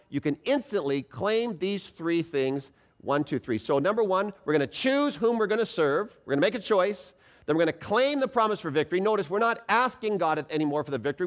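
A man preaching a sermon in a church, animated and calling on the congregation to answer him out loud. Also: on the high side. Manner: animated, calls for congregation responses.

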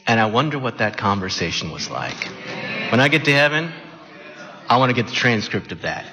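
A man preaching an animated sermon, acting out the story with sudden shouts. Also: mid-range voice, fairly quick, heavy background noise. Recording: muffled sound in a reverberant hall.

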